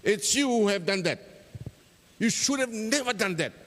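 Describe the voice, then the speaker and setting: A man playing an eager, accusing boy, his voice climbing high and swinging widely as he scolds. It rings out in a church hall with long reverb. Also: very animated, fairly quick, a bit bright, exaggerated voice.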